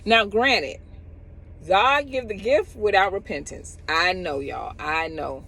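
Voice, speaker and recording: A woman's voice: mid-range voice, slow pace, poor audio. A middle-aged woman, a cosmetologist giving casual advice outdoors and acting out other people's lines as she talks. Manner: animated, acts out others in quotes.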